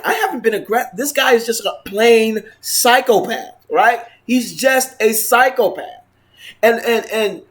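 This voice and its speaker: A man with a somewhat high-pitched voice tells a personal story straight to camera. He talks earnestly and restarts his sentences often, repeating words as he goes. He keeps tagging his lines with a questioning "right?". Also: fairly bright tone. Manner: earnest, retelling events with frequent 'right?' tags. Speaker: vlogger.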